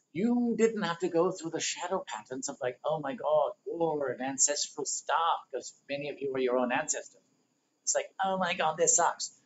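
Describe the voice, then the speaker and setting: A man's voice: a little high, husky. A man teaching a livestreamed spiritual workshop, rambling and conversational while he explains diagrams. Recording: dull lo-fi livestream audio.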